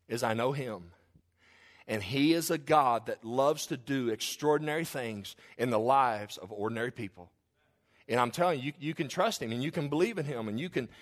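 A medium-pitched man preaches a sermon in a lively, conversational style, tossing in humorous asides and acting out the figures in the story.

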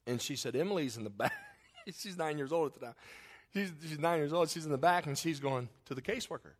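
A man preaching a sermon and telling a family story in a folksy way, moving between loud emphasis and quiet, hushed lines. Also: fairly high pitch, fast talker. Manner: acts out quotes in his story. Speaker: pastor.

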